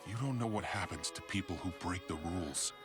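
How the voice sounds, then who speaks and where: Play a man doing a cold teenage boy ninja from an anime dub. Keep it low and flat, clipped and dismissive, with a music score underneath. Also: fairly quick, lightly acted. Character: cold rule-bound teen boy ninja.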